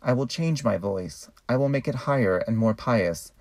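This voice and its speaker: A man's voice: mid-range voice, animated, vocal fry, darkish tone, no echo. Man delivering a dry theatrical monologue. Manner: measured, theatrical, ironic delivery. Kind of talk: performed poetic monologue.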